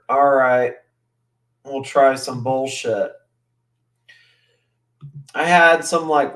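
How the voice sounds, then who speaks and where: Slow-talking profane male streamer. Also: medium pitch. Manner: profane, rambling, mimics voices. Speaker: livestream host. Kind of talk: casual livestream chat.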